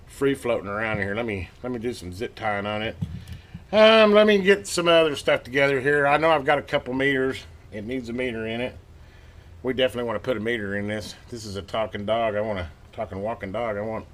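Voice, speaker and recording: Excited man at his workbench, bright voice. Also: mid-range voice. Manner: excited, rambling, talks to viewers while working. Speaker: radio repair channel host. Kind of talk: casual hands-on workbench narration.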